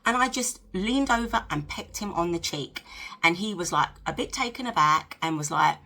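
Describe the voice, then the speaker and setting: Lady, late fifties, lowish voice, chatty and frank, keeps tossing in "yeah?". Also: lively intonation, normal speed, vocal fry, pushed and bright. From United Kingdom. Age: 50s. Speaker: lifestyle vlogger. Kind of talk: chatty advice monologue to camera.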